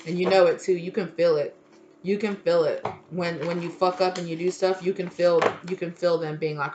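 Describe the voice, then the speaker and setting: A woman's voice: fairly low pitch, fairly even intonation, normal speed, background noise. A woman giving a casual tarot reading, blunt and emphatic, swearing freely and repeating her points. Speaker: tarot reader.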